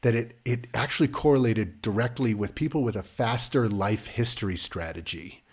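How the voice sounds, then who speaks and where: A man's voice: lowish voice, moderate pace, slightly rough. A man co-hosting a casual parenting podcast, chatty and laughing often as he talks, with some casual swearing. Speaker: podcast co-host. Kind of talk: casual chat.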